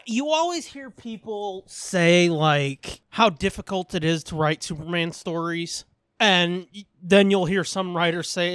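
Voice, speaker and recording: A man's voice: sits high, a bit bright, dry recording, studio quality. A man co-hosting a podcast in casual chat, swearing freely, rambling through stories and laughing often. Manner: profane, rambling, laughs a lot. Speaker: podcast co-host.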